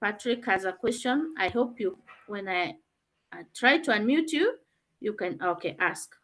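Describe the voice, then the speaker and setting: A woman's voice: medium pitch, lively intonation, measured pace, a bit bright. A woman teacher explaining answers and calling on students in an online revision class over a video call.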